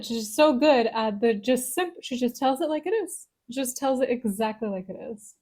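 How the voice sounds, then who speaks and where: A woman's voice: a little high, expressive, normal speed, a little mellow. A woman therapist hosting a music reaction video, gushing and laughing often, then thinking aloud about the lyrics.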